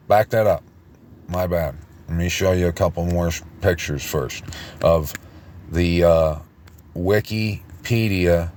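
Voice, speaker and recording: A man delivers a rambling online sermon, breaking off mid-phrase and starting over again and again. His voice sits low and he takes his time, moving slowly from one point to the next. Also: a little mellow, a little hiss or hum. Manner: rambling, halting with many restarts. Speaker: preacher. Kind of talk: informal online teaching.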